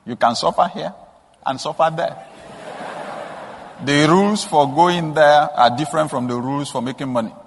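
A man preaching a sermon, telling stories with soft asides and sudden emphatic rises. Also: a little high, moderate pace, long pauses, slight background noise. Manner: storytelling with rising emphatic bursts and soft asides. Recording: long hall reverb.

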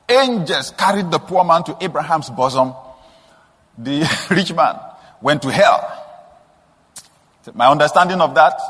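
A man preaching a sermon, telling stories with soft asides and sudden emphatic rises. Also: fairly high pitch, slightly rough. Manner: storytelling with rising emphatic bursts and soft asides. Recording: long hall reverb.

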